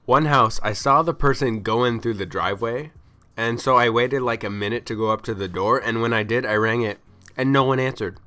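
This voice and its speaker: A man ranting in casual storytelling, exasperated and complaining, acting out the people he met in quick quoted lines. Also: medium pitch, bright, forceful tone. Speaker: vlogger.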